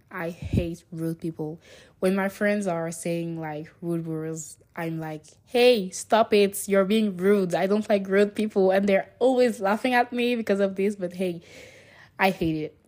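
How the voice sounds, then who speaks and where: A seventeen-year-old girl from Niger hosting her first podcast, chatty and excitable, with self-conscious asides. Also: lowish voice. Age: teens. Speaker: podcast host. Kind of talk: casual solo podcast talk.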